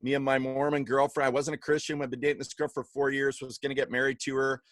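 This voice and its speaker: A young Canadian man telling stories as a podcast guest, energetic and acting out quoted voices. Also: medium pitch, fast talker, no room sound. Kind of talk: animated storytelling.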